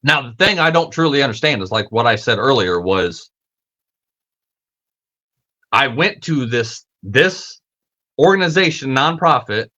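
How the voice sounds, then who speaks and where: A man talks through a casual podcast monologue in a bright, forceful voice. He is animated, swears freely and trips over repeated words. His pitch leaps whenever he acts out the people he quotes. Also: a little slow, pauses often, muffled recording. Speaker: podcast host.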